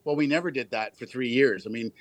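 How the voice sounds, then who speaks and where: A man's voice: medium pitch, no echo. A middle-aged man with an Ontario accent, a guest musician telling stories in an interview. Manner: chatty, fast storytelling with restarts.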